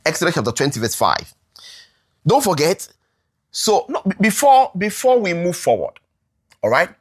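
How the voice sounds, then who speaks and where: A preacher teaching scripture to a congregation, with a voice that rises and falls freely. The verses are read slowly and deliberately, and the teaching is broken up by frequent check-ins and questions to listeners. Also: mid-range voice, big pitch swings, husky. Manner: checks in constantly with "all right?" and asks the room questions. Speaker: Bible teacher. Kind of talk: interactive Bible teaching to a congregation.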